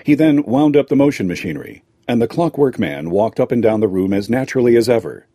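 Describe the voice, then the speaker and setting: A man narrating a fairy tale aloud in a lively storytelling manner. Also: mid-range voice, fast talker, dry recording, clean studio sound.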